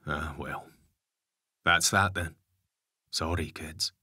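A man's voice: rumbling low, fairly even intonation, slow pace, sharp tone, dry recording, clean studio sound, heavily acted. A man voicing a blunt, sardonic ex-convict father in an audiobook. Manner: gruff, swears casually. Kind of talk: audiobook character voice.

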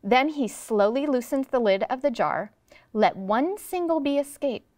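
Woman teacher, animated read-aloud, fairly high pitch, dry close sound. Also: measured pace, dry recording. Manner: expressive storybook reading with voices. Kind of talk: classroom read-aloud lesson. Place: studio classroom.

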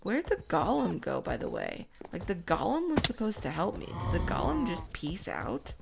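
A woman hosting a gaming channel, giving soft whispered ASMR commentary as she plays and chats to the game's animals. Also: fairly low pitch, wildly swooping pitch, normal speed, gravelly, noisy background. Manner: soft whispering, chatty asides to the game animals.

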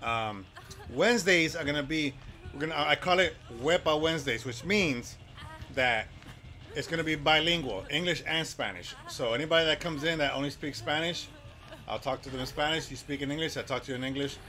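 A man's voice: on the high side, a little fast, pushed and bright. A man streaming a video game, chatting loosely with his viewers and reacting to the game as he plays. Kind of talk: casual live-stream chat while gaming.

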